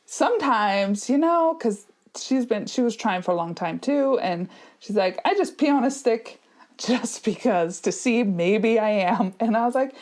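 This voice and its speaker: A woman in her thirties, a podcast co-host telling stories in casual chat, animated, laughing often with quick asides. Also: fairly high pitch.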